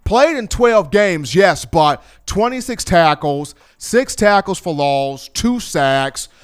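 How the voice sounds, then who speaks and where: A man hosting a sports talk show, talking in an animated, playful storytelling manner. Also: high-pitched, slow pace, smooth. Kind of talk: energetic sports talk commentary.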